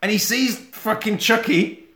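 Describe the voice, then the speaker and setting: Man, sweary film recap, slightly high voice, echoey room. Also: measured pace, sharp tone. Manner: sweary, acts out scenes in silly voices. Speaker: podcast host. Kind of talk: casual film recap chat.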